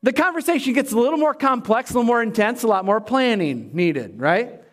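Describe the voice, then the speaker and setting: A pastor delivering a sermon, emphatic and animated, with humorous asides to the congregation. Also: male voice, extremely high pitch, fairly quick.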